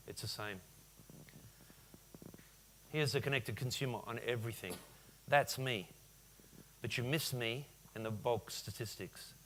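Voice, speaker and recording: A man in his forties delivers a business keynote in a conference hall, talking straight to the audience and peppering them with questions. His voice sits at an ordinary middle pitch for a man. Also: unhurried, long pauses, slight background noise. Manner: lively, addresses audience with questions. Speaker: conference speaker.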